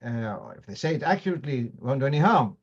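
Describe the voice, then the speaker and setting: A man's voice: medium pitch, big pitch swings, quick pace. Man teaching a Torah class, lo-fi. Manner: explanatory, digressive, uses examples; mixes in Hebrew and Yiddish terms. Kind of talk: lecture on Jewish law.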